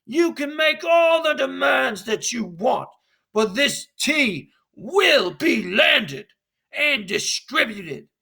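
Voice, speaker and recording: A man's voice: very high voice, very animated, slow pace, gravelly, sharp tone, husky, pitched above the performer's own voice, full character voice. A man voicing an indignant loyalist merchant who defends himself and orders people out of his warehouse. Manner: indignant, commanding, raising his voice. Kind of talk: classroom role-play reading.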